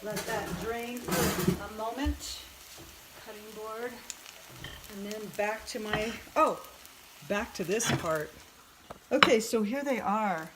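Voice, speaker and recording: In a mid-range voice, a woman in her fifties takes it slowly and pauses often while cooking on camera in her home kitchen. She's a chatty vlog host who thinks aloud and pokes fun at herself. Heavy background noise fills the clip, including sizzling and clattering dishes.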